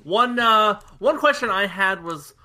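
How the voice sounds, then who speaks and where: A man's voice: high-pitched, expressive, a little slow, bright, forceful tone. A man co-hosting a casual movie podcast, opinionated and peppering his talk with fillers. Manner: opinionated, fills with "like". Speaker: podcast co-host.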